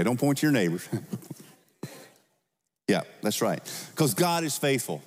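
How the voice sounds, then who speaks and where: A man preaches in a church, talking like he is chatting with his flock, checking in with "right?" and quick questions. His mid-range voice carries a long reverb tail through the sanctuary. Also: medium pitch, darkish tone. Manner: conversational preaching with frequent "right?" and questions to the congregation. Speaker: pastor. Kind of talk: sermon.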